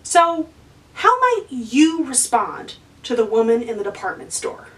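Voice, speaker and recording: A woman's voice: fairly high pitch, sing-song, unhurried, fairly bright tone, recorded from a distance, low-quality recording. A woman hosting a lesson for kids, encouraging and asking the viewer questions. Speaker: children's educator and host.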